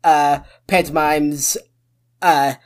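A woman's voice: sits low, fairly even intonation, very slow. A woman playing a tabletop game, speaking hesitantly with many "uh" fillers. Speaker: player.

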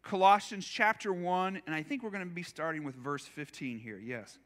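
High, bright-voiced pastor preaching casually. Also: male voice, moderate pace. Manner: casual, self-deprecating, acts out hypothetical quotes. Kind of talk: conversational sermon. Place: church.

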